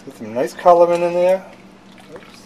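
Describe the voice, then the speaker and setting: A man's voice: sits high, lively intonation, moderate pace, a little mellow, recorded from a distance, a little hiss or hum, rough recording. A man hosting a home cooking show, talking casually with fillers and restarts.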